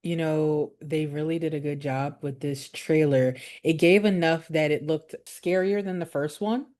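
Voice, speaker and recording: A woman co-hosting a casual chat, playful and quick to laugh. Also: low-pitched, fairly even intonation, darkish tone. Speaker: co-host.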